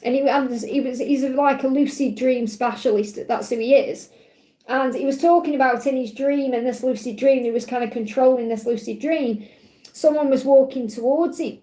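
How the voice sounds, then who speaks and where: A woman's voice: high-pitched, moderate pace, warm tone, echoey room. A woman hosting a spiritual live stream, talking in a heartfelt, rambling way with plenty of fillers. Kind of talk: emotional live-stream talk.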